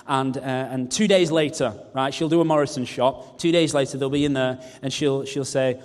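A man's voice: medium pitch, fairly even intonation, moderate pace, hardly any pauses. A man preaching a sermon, mixing scripture with humorous, self-mocking asides. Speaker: pastor. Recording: long reverb of a large hall.

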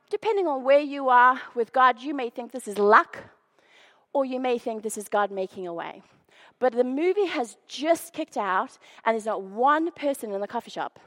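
A woman preaching through a personal story, animated and self-deprecating, acting out the scenes she describes. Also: sits high. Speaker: speaker sharing faith stories. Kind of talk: storytelling sermon.

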